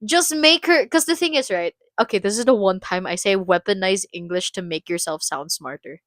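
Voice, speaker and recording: A young woman from the Philippines with a Filipino accent, ranting in casual chat on a livestream, animated and opinionated. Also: medium pitch, normal speed, no echo, clean studio sound. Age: young adult. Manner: animated, opinionated rant, code-switching.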